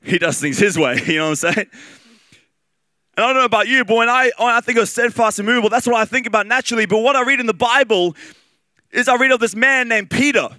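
A man with an Australian accent preaching a sermon in a lively, conversational way, with fillers and repeated phrases. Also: very high-pitched, fast, no room sound.

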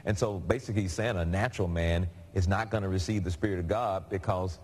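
A man's voice: low-pitched, quick pace, breathy edge. A man preaching a sermon in a conversational, storytelling way. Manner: conversational, animated storytelling with laughs.

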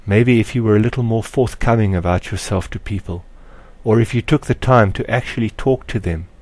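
A man reading aloud, voicing a young girl who is a spirit walker, speaking calmly and softly in a motherly way. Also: fairly low pitch, brisk, no echo, natural voice. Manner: calm, soft, soothing. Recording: dry close recording.

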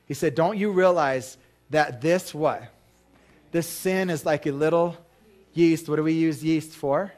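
A man's voice: fairly high pitch, a little slow, darkish tone, soft background music. A male pastor preaching a sermon in a church, talking casually to the congregation, asking them questions and acting out the voices in his stories.

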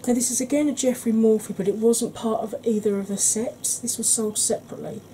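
A woman explaining her makeup steps in a soft, chatty ASMR tutorial, often clearing her throat. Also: a little high, steady tone, fairly quick, a little hiss or hum, rough recording. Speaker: beauty vlogger.

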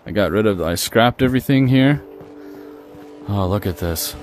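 A man's voice: on the low side, animated, normal speed, a little mellow, faint music behind. A young adult man giving casual, joking commentary while playing a video game. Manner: chatty, joking, reacting aloud. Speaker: gaming streamer.

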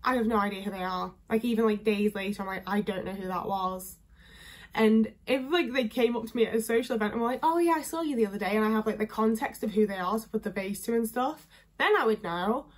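A woman's voice: medium pitch, fairly quick. A young woman with a northern English accent chatting casually to camera, full of filler words. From England. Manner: chatty, lots of fillers, candid. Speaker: vlogger. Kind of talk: casual talking-head chat.

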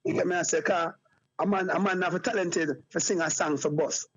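A husky, somewhat high-voiced Jamaican man talking as an interview guest. He rambles in loose patois and loops back on his own phrases. The sound is dull and lo-fi. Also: steady tone, brisk, a bit bright. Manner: rambling patois, repeats phrases like "you get me, I say". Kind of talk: casual conversational interview.

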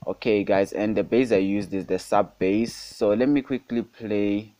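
Warm, fairly low-pitched and unhurried, a young South African man keeps a steady tone while hosting a casual screen-recorded beat-making tutorial. A beat plays beneath him as he repeatedly calls things super hot and addresses viewers as guys.

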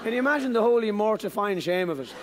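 An Irish man doing rambling, profane stand-up on a theatre stage, halting and restarting his sentences. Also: sits high, lively intonation. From Ireland. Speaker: stand-up comedian. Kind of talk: stand-up routine. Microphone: stage microphone. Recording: live show, noisy crowd.

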